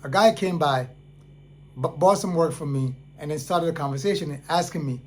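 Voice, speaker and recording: A man's voice: fairly high pitch, moderate pace, darkish tone. A man talks casually to his audience. He tells stories in an earnest way and repeats phrases to drive his point home. A faint hum runs under the recording. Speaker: independent artist, channel host. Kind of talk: casual talk to camera.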